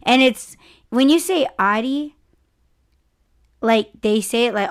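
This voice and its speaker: A young woman hosting a podcast in casual chat, telling animated stories and acting out what other people said. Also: on the high side, slow, clean tone. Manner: animated storytelling, frequent laughter, acts out others' lines. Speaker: podcast host.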